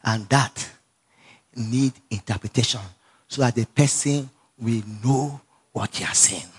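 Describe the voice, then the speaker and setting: Medium-pitched, slightly rough and measured in pace, a Nigerian-accented preacher spins his sermon into lively stories. Frequent laughter, repeated phrases and calls for congregational response mark his delivery.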